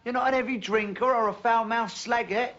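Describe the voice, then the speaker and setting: An actor playing a cheeky but decent young bricklayer who teases and calls people "love", in a TV drama. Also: male voice, very high-pitched, steady tone, brisk, fairly bright tone. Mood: earnest. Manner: teasing, chatty, uses "love" a lot. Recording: muffled old TV soundtrack with faint hiss.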